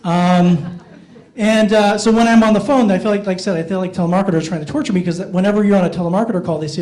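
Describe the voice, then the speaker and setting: Middle-aged man, high, light voice, self-deprecating stand-up, works the crowd. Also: fairly even intonation, fast, darkish tone. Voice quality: not very masculine voice. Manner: self-mocking, talks with the audience. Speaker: stand-up comedian. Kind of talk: stand-up comedy. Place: playhouse stage.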